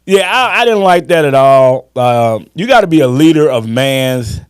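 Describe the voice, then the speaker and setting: Guy in his 50s doing a sports podcast, mid voice, swings all over in pitch, cusses a lot, dry sound. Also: expressive, clean tone, no room sound. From Chicago. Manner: emphatic, swearing, drawn-out storytelling. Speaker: podcast co-host. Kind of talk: casual sports chat.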